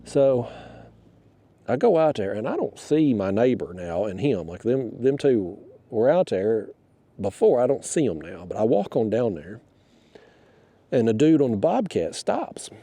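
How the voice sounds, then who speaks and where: Gravelly, animated man on a kayak. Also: mid-range voice, measured pace, dry recording. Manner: rambling, fired-up, swears freely. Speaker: fishing vlogger. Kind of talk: casual storytelling to camera. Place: on a kayak outdoors on the water.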